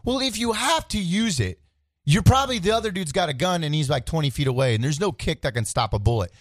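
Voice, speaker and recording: A man's voice: fairly high pitch, expressive, fast talker, no room sound, studio quality. A man telling stories on a radio talk show, rambling and amused in a casual way. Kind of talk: casual storytelling.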